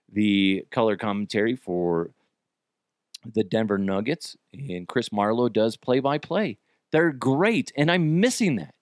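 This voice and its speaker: Male podcast host, solo rant, profane and exasperated, sudden yells, animated pitch, dry close sound. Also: dry recording.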